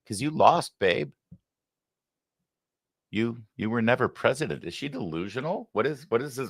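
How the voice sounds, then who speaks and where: A man's voice: mid-range voice, animated, moderate pace, gravelly, long pauses, no echo. A man hosting a live political commentary show, talking in a sarcastic, heated and combative way into a close studio mic. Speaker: political talk show host.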